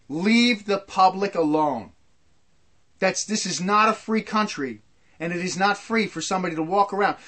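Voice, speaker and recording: A man's voice: sits high, fairly bright tone. A man delivering a heated, ranting monologue, stumbling and repeating himself as he builds his point. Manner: heated, repetitive, stumbling restarts.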